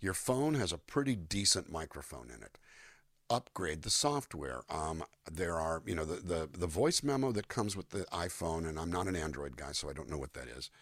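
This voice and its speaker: An older man, a singer-songwriter, talking in a relaxed interview and acting out voices and melodies as he explains. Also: sits low, normal speed, dry recording, clean studio sound. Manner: animated, demonstrates voices and melodies mid-sentence. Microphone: USB microphone.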